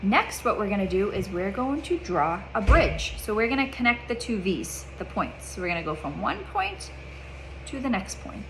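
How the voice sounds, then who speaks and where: A woman's voice: mid-range voice, big pitch swings, normal speed, background noise. A woman teaching a child reading in a one-on-one lesson, patient, repeating her questions and checking in with "okay?".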